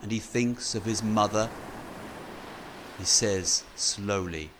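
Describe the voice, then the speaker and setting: A man reading a simple storybook for English learners in slow, clear, plain phrases. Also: lowish voice, lively intonation, fairly bright tone, slight background noise.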